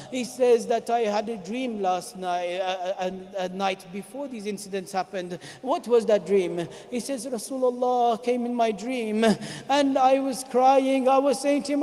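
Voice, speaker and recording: A man preaching a mourning sermon in a mosque, narrating with grief and rising into shouted laments. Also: very high-pitched. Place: mosque hall. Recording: long hall reverb.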